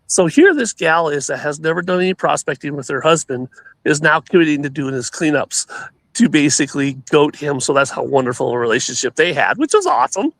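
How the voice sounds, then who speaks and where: Gravelly man rambling through stories. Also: on the high side, expressive, fairly quick, fairly bright tone, no echo. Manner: rambling, with many restarts and laughs. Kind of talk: casual storytelling chat.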